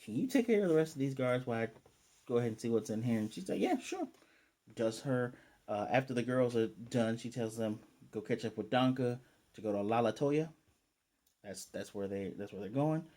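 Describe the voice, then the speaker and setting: A man reviews an anime episode in a relaxed, lively way, voicing the characters' lines as he recaps. His voice sits in the middle range and he talks fairly quickly.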